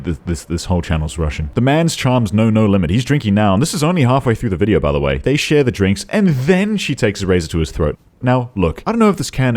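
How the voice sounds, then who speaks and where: A young man riffs sarcastically over video clips in a deep voice. His pitch swings widely, and he breaks into high yelling outbursts. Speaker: YouTube commentator. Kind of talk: comedic video commentary.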